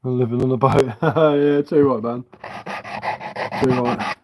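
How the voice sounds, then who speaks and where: A man with a Sussex accent that drifts toward London, talking loosely and matily to viewers on his live stream. His voice sits at an ordinary middle pitch as he rambles from one thought to the next in relaxed, everyday chat. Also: measured pace, low-quality recording. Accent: Sussex English mixed with a London tinge. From Sussex, England. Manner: rambling, chatty, matey and loose. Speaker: livestream host.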